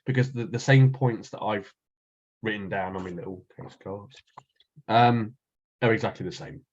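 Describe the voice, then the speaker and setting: A man's voice: fairly low pitch, normal speed. Rambling man, dull lo-fi sound. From North East England. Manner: rambling, restarts often. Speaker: podcast co-host. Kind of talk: casual chat.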